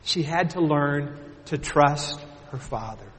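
A man preaching a sermon earnestly, lifting his voice for emphasis and dropping soft at the ends of his points. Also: a little high, slow. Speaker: pastor. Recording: long reverb of a large hall.

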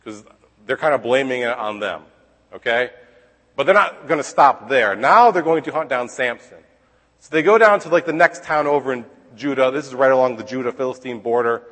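A man's voice: mid-range voice, moderate pace, a bit bright, long reverb tail. A man giving a casual Bible lesson, retelling and reading scripture in a conversational way, often checking in with "okay?" and adding wry asides. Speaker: Bible teacher.

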